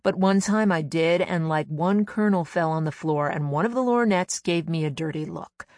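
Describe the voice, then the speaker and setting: A woman's voice: sits low, normal speed, a little mellow, dry recording. A comedian telling a personal story in a chatty way, sometimes acting out the voices of people she quotes. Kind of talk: anecdotal storytelling.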